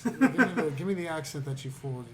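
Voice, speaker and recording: A man's voice: on the high side, big pitch swings, fast, crowd noise. A man co-hosting a podcast in casual chat, full of crude, teasing banter. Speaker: podcast co-host. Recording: noisy background.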